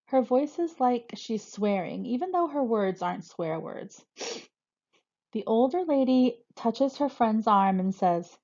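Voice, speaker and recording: A woman reading a novel aloud in a plain, even way. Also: on the high side, unhurried. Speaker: reader. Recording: dull lo-fi recording.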